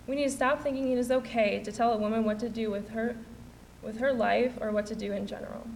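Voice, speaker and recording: A woman's voice: a little high, fairly even intonation, quick pace, gravelly, darkish tone, slight background noise, poor audio. Earnest young woman giving a persuasive speech. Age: young adult. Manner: earnest, rhetorical. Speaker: student speaker. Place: theatre stage.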